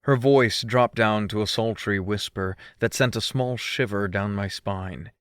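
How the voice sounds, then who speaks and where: A man's voice: fairly low pitch, measured pace, a bit bright, clean tone, no room sound, clean studio sound. A male audiobook narrator reading a first-person story with a mischievous, teasing manner.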